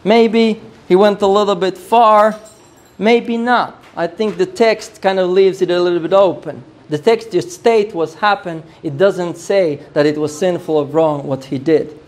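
A man's voice: high-pitched, a little slow. A man teaching on a Bible passage in a sermon style, musing aloud and repeating phrases as he works through the text. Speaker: preacher.

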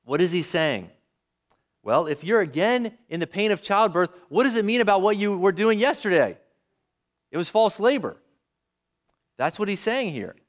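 Lively male preacher asking questions. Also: high-pitched, normal speed, pauses often. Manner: lively, asks the audience questions. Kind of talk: sermon.

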